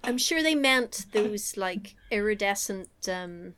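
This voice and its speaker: A woman's voice: mid-range voice, lively intonation, slow, a bit bright. A woman from England chatting casually as a podcast co-host, rambling and giggly as she recaps a story. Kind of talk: casual chat.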